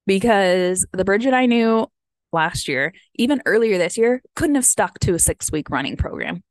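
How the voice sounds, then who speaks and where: A woman's voice: medium pitch, lively intonation, moderate pace, no room sound. An American woman in her thirties, a vlogger chatting casually and rambling with lots of "like" and "um", a bit sniffly. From United States. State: sniffly from having teared up. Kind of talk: casual chat.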